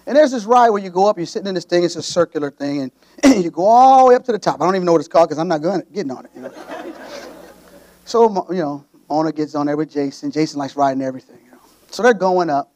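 A man preaching with a high voice that leaps up and down. He tells his stories with playful asides and calls out to the congregation as he goes. The sermon has a lively, exhortative drive. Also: quick pace, dry recording. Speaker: pastor.

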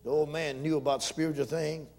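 A man's voice: on the high side, little pitch movement, brisk. Man, pastor, sermon, call-and-response, surges in volume. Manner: preaching with call-and-response, swelling loud on scripture.

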